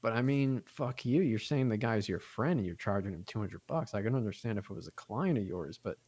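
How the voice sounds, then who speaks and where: A young man with a fairly low voice rambles through a story in loose podcast chat. He swears freely and slips into the voices of the people he quotes. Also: a little fast. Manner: rambling, profane, animated retelling with quoted voices. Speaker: podcast co-host.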